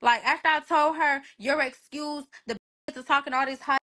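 A woman's voice: high voice, moderate pace. A young woman on a phone livestream, casually telling a story with lots of swearing and acting out every quoted line. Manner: animated, profane, acts out quoted dialogue. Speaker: livestream host. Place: bedroom.

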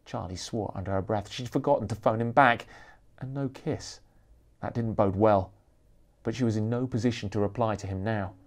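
A man reading aloud from his own thriller novel, lively and expressive in his narration. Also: lowish voice, moderate pace. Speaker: author reading his book.

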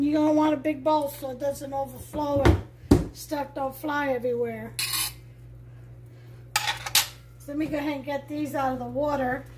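A woman with a Brooklyn accent hosting a home cooking show, chatting warmly to viewers as she demonstrates a recipe. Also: sits high, very noisy. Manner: chatty, enthusiastic, talks to viewers. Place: home kitchen.

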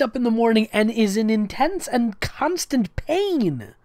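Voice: medium pitch, wildly swooping pitch, a little slow, hardly any pauses, a little mellow, dry recording, clean studio sound. A comedic reader of fan fiction, reading it aloud with sarcastic, mocking asides.

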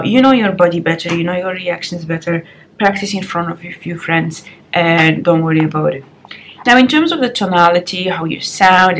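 A woman's voice: lowish voice, a little hiss or hum. A young woman vlogging frankly and chattily as she does her makeup at home, recorded on the compact camera's built-in mic. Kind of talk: get-ready-with-me advice vlog.

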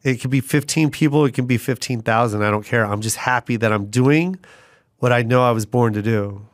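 A middle-aged man, a guest comedian, telling stories in a lively way and slipping into character voices. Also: mid-range voice, brisk, dry recording, studio quality. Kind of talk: conversational storytelling.

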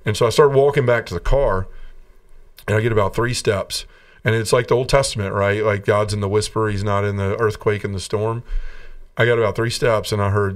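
A man's voice: fairly low pitch, fairly quick, far from the mic. Earnest man telling his testimony. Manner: earnest, animated storyteller. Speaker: podcast guest. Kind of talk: personal testimony storytelling.

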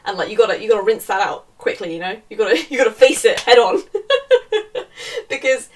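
A woman's voice: medium pitch, very animated, moderate pace, recorded from a distance, slight background noise, rough recording. A young woman giving a casual, sarcastic book review, often laughing and swearing in exasperation.

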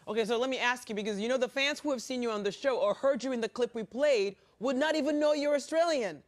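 Bubbly joking morning news host. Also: medium pitch. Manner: bubbly, joking, quick asides. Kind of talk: playful TV interview.

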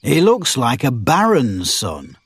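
A man's voice: mid-range voice, huge pitch swings, slow, husky, dry recording, full character voice. A man reading as a sly, wry outlaw.

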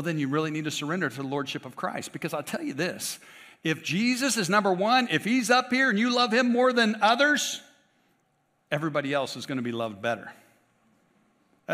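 Bright-voiced male pastor preaching in a church. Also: on the high side, long reverb tail. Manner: conversational preaching with rhetorical tag questions and playful asides. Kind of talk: sermon. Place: church sanctuary.

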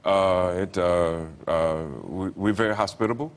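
A man in his forties with a Southern US accent tells wry, laid-back stories as a talk-show guest. His voice sits fairly low, and he hesitates often with fillers. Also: a little slow, smooth. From Georgia, US. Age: 40s. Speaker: comedian guest. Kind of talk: anecdotal talk-show storytelling.

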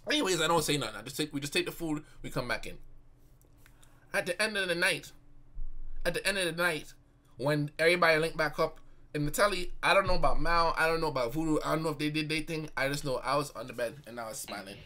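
A man's voice: on the high side, quick pace, sharp tone. A young man streamer telling a story in casual slang, often bursting into laughter. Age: young adult. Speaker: live streamer.

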